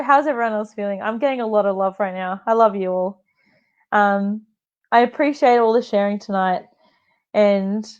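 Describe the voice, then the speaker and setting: A woman's voice: mid-range voice, dull audio. A woman hosting a livestream, chatting with viewers in an effusive, emotional way, often laughing and rambling with fillers. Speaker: livestream host. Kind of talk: live-stream chat with viewers.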